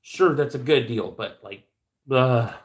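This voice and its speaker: A man chats loosely on a live stream, answering viewers as he goes. His voice sits at an ordinary middle pitch. He rambles and jokes, often tripping over his words and starting sentences again. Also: normal speed, fairly bright tone. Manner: rambling and joking, with frequent stammered restarts. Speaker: livestream host. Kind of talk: casual livestream chat answering viewers.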